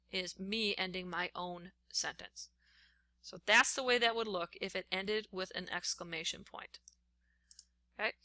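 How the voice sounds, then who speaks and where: In a dry recording with no room sound, a woman teacher with a medium-pitched, bright, forceful voice walks through a writing lesson step by step. She keeps talking as she types on screen.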